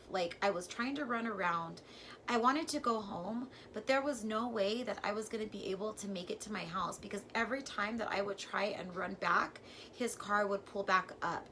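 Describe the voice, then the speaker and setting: A woman vlogger telling a personal story in a casual, chatty way, full of "like" and with sudden jumps from quiet to loud. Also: medium pitch, moderate pace, slight background noise. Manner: chatty and filler-heavy, says "like" constantly; animated, with sudden swings from hushed to loud.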